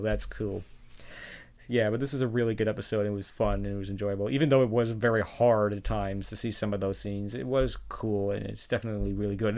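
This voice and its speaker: New guy, mid pitch, rambly review talk, keeps chuckling and repeating himself. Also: a little mellow. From New York. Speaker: reaction video host. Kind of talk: casual spoken review.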